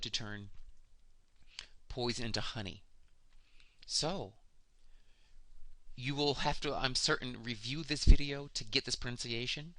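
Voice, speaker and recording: A man's voice: mid-range voice, pushed and bright, no echo. A man giving a spiritual lesson on sound magic, explaining words and spelling out how to pronounce them. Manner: slow, deliberate explaining, spelling out pronunciations. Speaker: spiritual teacher.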